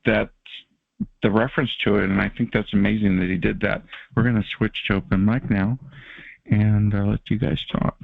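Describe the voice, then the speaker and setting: A man hosts a call-in show with a low, gravelly voice. He keeps things casual and jokes with callers. The sound is dry and thin, as if it came over a phone line. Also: steady tone, no room sound. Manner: joking, drawn-out and informal. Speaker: radio show host.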